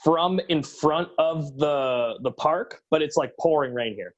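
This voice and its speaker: A man calling in as a guest to a casual video chat, explaining things in an animated, joking way. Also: on the high side, measured pace, dull audio. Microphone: video call.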